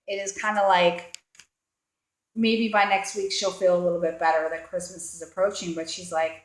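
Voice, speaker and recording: A woman's voice: fairly low pitch, flat delivery, normal speed. Rambling woman tarot reader, roomy echo. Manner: rambling, filler-heavy, acts out quoted thoughts. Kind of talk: casual tarot reading to camera.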